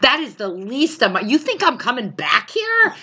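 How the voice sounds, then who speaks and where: A woman co-hosting a podcast, telling a story in a casual, animated way, full of swearing and acted-out quotes. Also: high-pitched, moderate pace, breathy edge. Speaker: podcast co-host.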